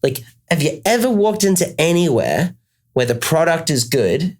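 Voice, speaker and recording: A man's voice: a little high, big pitch swings, moderate pace, darkish tone. A man with an Australian accent telling a rambling comic story in a casual chat, full of restarts.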